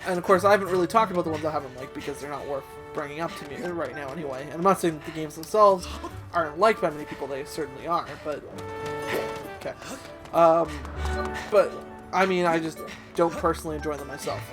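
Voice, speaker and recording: A man with a high voice chats through a let's play, halting and self-deprecating and full of ums and likes. Game music plays clearly under his talk. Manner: hesitant, filler-heavy and self-deprecating.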